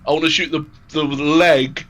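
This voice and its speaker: A man playing a tabletop game, casual and excitable, swearing freely. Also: fairly high pitch, normal speed. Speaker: player.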